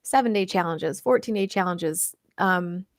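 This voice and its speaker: A woman's voice: fairly low pitch, a little slow, no echo, clean studio sound. An American woman and diet coach hosting a casual live-stream Q&A, chatting with viewers, reading out their comments and laughing often.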